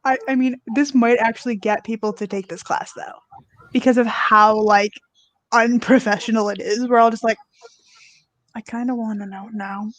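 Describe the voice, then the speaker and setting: A woman's voice: a little high, fairly even intonation, moderate pace. Chatty, amused young-sounding woman. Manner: chatty and amused, casual swearing. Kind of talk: casual chat.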